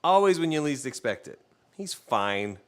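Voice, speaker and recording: A man's voice: medium pitch, very animated, normal speed. A man talks loosely to his live-stream viewers while he cooks. He tells jokey stories and teases his dog, in an ordinary mid-range voice. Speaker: cooking streamer. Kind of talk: casual live-stream chat while cooking.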